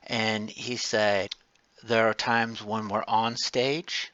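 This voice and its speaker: A man's voice: on the low side, little pitch movement, slow pace, sharp tone, clear, resonant tone, no room sound, dull audio. A male college lecturer giving a casual, digressive class lecture full of personal stories.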